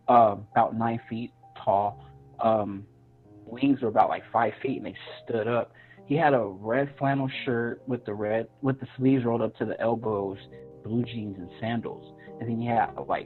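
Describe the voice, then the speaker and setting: A man, a podcast guest, earnestly telling a personal story and acting out his own past reactions in a raised voice. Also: medium pitch. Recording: tinny phone-line audio with faint music.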